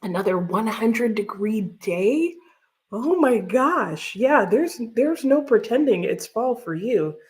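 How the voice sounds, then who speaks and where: A woman's voice: fairly high pitch, lively intonation, slow pace, a little mellow. A woman hosting a live stream, chatting casually, often laughing and greeting viewers from the chat. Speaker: livestream host.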